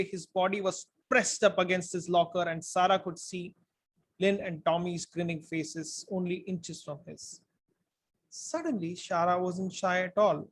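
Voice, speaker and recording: A man reading a storybook aloud in an expressive way, now and then speaking to his listeners. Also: sits high. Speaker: book reader. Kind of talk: audiobook-style story reading.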